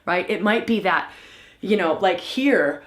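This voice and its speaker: An emphatic woman leads a spiritual teaching session, often pausing to ask her listeners "right?" and acting out the voices she talks about. Her voice sits at a middle pitch and rings in an echoey room. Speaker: women's coach hosting a live session. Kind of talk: spiritual teaching talk to a live online audience.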